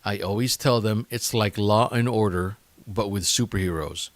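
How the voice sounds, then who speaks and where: A man hosting a casual solo podcast, talking in a chatty, halting way with many fillers and restarts. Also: lowish voice, no room sound. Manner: chatty and enthusiastic. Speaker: podcast host.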